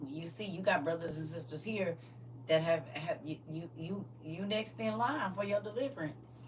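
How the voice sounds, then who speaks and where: A woman's voice: on the low side, moderate pace. A woman preaching a livestreamed sermon, fervent and exhorting in a colloquial style. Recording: distant mic with faint noise.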